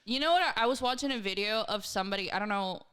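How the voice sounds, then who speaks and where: A woman's voice: mid-range voice, rapid-fire, a bit bright, clean tone. A woman co-hosting a casual chat show, talking bluntly with plenty of slang and swearing. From Texas. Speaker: co-host.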